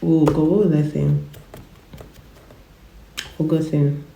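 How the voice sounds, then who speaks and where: A woman in her twenties, a vlogger chatting casually into a phone camera, speaks low and slow with a creaky, mellow voice and little pitch movement. She has a cough, rambles, repeats words and laughs often, and the sound is roomy.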